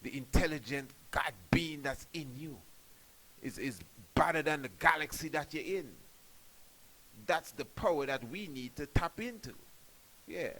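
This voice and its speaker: A man's voice: mid-range voice, a bit bright, poor audio. Emphatic man preaching on radio. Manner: emphatic, preaching, frequent rhetorical "hmm?" and "you know". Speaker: priest and radio host. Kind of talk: spiritual radio talk.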